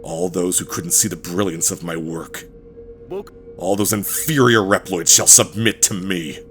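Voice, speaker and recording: A man's voice: deep voice, fairly even intonation, unhurried, a bit bright, faint music behind. A man playing a gloating male robot villain who schemes to rule, reading game dialogue aloud in an over-the-top manner. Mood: scheming.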